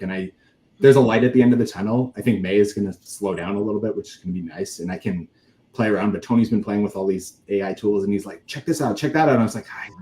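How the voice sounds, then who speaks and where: A man in his thirties, a guest in a casual interview, talking in a relaxed, rambling way full of filler words. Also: on the low side, slight background noise.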